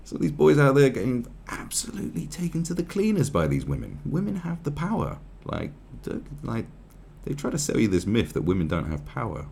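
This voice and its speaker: A man's voice: deep voice, big pitch swings, fairly quick, gravelly, hardly any pauses, darkish tone, a little hiss or hum. A man giving profane, rambling, sarcastic commentary on a news article.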